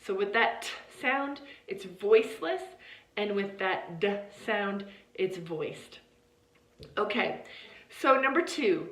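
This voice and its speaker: A woman teaching English pronunciation, leading repeat-after-me drills of paired words in a slow, deliberate way and often checking in with "okay?". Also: fairly high pitch, sing-song, a bit bright. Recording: roomy, echoey sound.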